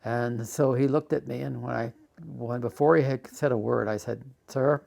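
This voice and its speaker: An older man recounting his life story in a halting, emotional way, acting out old arguments loudly. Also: medium pitch, fairly even intonation, gravelly.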